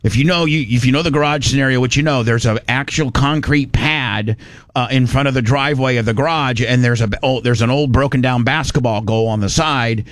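A man's voice: medium pitch, brisk, no echo. A middle-aged man from Indiana telling a long casual story, rambling with many restarts and salty words.

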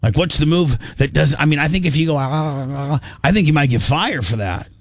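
A man's voice: a little high, lively intonation, fast, dry recording. A man hosting a talk radio show, bantering crudely with frequent stammering restarts and a mock-clinical tone.

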